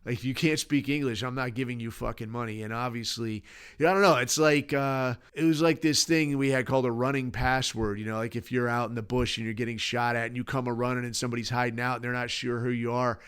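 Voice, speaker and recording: A man's voice: mid-range voice, flat delivery, quick pace, fairly bright tone, smooth. A man hosting a podcast, ranting alone in a rambling, profane, sardonic way. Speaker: podcast host. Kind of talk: casual solo rant.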